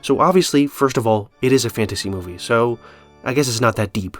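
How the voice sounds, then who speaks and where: A man in the middle of the usual pitch range for a man, talking through a film trailer in a loose, conversational way. He hesitates often with ums and uhs, and faint music plays underneath his voice. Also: fairly quick. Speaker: film commentator. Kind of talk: casual video commentary.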